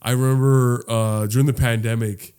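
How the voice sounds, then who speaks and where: A man chatting on a casual podcast, his voice sitting at an ordinary middle pitch. He talks in an excitable way, swears freely and gets louder when worked up. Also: normal speed, smooth. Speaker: podcast co-host. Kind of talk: casual chat.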